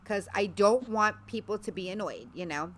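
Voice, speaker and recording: A woman hosting a casual livestream chat, talking warmly and a little scattered as she reads out viewer comments. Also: mid-range voice, normal speed. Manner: chatty, reads viewer comments aloud, breaks off to call her dog. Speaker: livestream host.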